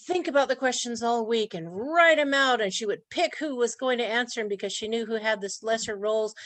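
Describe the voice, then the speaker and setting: Woman, workshop presenter, chatty, laughs often, slightly high voice, dry sound. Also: a bit bright, no echo. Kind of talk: online training talk.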